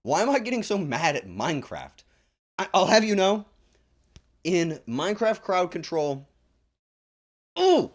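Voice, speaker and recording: A man ranting on his stream, exasperated and breaking into loud laughing yells. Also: sits high. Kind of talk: casual stream chat.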